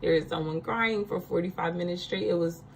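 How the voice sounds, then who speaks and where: A woman's voice: fairly low pitch, fairly quick, vocal fry, a little hiss or hum, poor audio. A woman giving a casual spiritual card reading, chatty, laughing often and checking in with her listeners.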